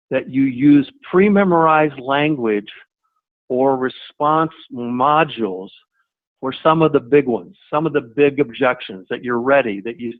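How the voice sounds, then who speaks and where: Male sales trainer, mid-pitched, conversational webinar delivery with restarts, heard through a tinny phone-like line. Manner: conversational, repeats words and restarts, models short replies. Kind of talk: webinar presentation. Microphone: webinar audio line.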